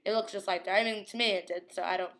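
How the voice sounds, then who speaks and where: A young woman casually recapping a TV episode, gushing, giggling and quoting characters in quick impressions. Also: medium pitch, fairly even intonation, a bit bright.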